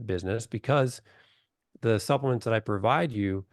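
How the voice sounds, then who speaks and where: In a casual video-call webinar, a middle-aged doctor guest talks at normal speed in a fairly low voice. His style is blunt and story-driven, acting out quotes, with studio-quality sound and no room noise.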